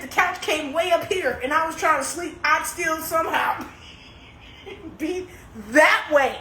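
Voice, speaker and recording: A woman with a bright, higher voice chats slowly on a phone livestream, laughing and moaning about a stiff, sore neck. Her voice bounces around an echoey room with a faint hiss behind it. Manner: laughing, complaining dramatically, reads comments aloud. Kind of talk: casual livestream chat. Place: indoors, on a couch.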